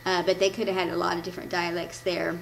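The speaker is a devotional leader from the American Midwest who reads her notes casually for church, stumbling, self-correcting, and chuckling at her slips. Her fairly low voice is delivered flatly and quickly with vocal fry, over a rough recording with slight background noise.

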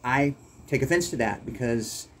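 Man, vlog commentary rant, emphatic, fired up, mid pitch, faint hiss. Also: lively intonation, normal speed. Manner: heated, emphatic, repeats words when worked up. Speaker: YouTuber.

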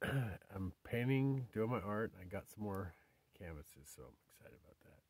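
Male vlogger, low-pitched, dry close sound, loose rambling delivery that slips into whispers. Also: animated, moderate pace, a little mellow, breathy edge, no echo. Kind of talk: casual rambling vlog. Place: outdoors in the desert.

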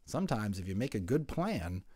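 A man's voice: on the low side, sing-song, normal speed, darkish tone, breathy edge, no echo, studio quality. A man narrating a children's picture book aloud, adding chatty asides. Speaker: voice actor narrator.

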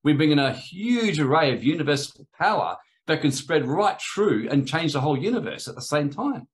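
A man's voice: fairly high pitch, very animated, normal speed. Man telling spiritual stories in sermon. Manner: rambling, anecdotal, acts out quoted voices. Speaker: spiritual teacher. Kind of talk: sermon-style storytelling.

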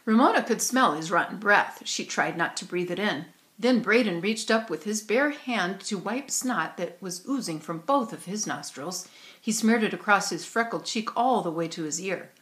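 A woman's voice: mid-range voice, moderate pace. Woman reading a children's story aloud. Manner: expressive storytelling. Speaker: narrator. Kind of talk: audiobook reading. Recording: roomy echo.

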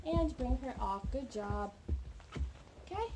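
Her high voice animated and her pace normal, a woman dog trainer narrates a live training session for viewers while working with her puppy off camera. She coaches upbeat, heard through the camera mic with noticeable background noise and training clicks.

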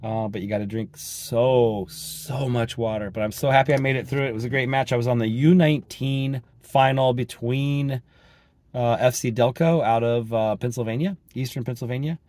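A vlogger and soccer referee from Colorado talks while driving, his mid-range voice hoarse and raspy from a cold. His casual driving vlog is rambling and upbeat, full of ums, with fairly even intonation and a moderate pace. It's captured inside the moving car on a dash-mounted action camera, with loud road and car noise.

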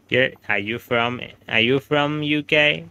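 A man's voice: mid-range voice, slow, sharp tone, smooth. A man with an Indian English accent, chatting casually on a gaming livestream, reading chat aloud and laughing often. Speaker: gaming streamer. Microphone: home streaming setup microphone.

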